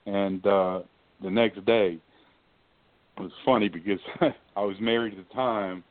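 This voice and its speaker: Older male storyteller, former coach, low-ish voice that acts out every quote; dry, phone-quality audio. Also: measured pace, no room sound. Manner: lively storyteller who acts out quoted dialogue. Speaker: former basketball shooting coach. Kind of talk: casual storytelling anecdote. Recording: tinny phone-like line, dry.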